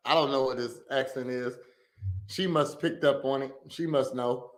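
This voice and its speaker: A man's voice: medium pitch, fairly even intonation, normal speed. Male reaction host, casual and blunt, slangy and rambling.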